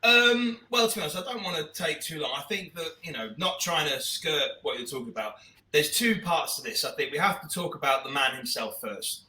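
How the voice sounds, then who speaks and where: A man's voice: a little high, expressive, fairly quick, bright, forceful tone, roomy sound, far from the mic, low-quality recording. A man co-hosting a podcast, chatting about football in a rambling, enthusiastic way with many restarts. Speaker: podcast co-host. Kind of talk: casual football chat.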